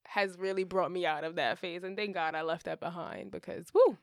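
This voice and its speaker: A woman's voice: fairly low pitch, steady tone, brisk, a little hiss or hum. A young woman co-hosting a podcast, telling stories in casual slang and laughing often. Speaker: podcast co-host. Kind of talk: casual chat.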